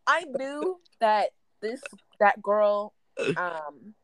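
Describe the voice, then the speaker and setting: A young woman co-hosts a podcast, speaking very slowly with no room sound. In casual chat she gossips animatedly, telling stories and mimicking the people in them with high and low voices.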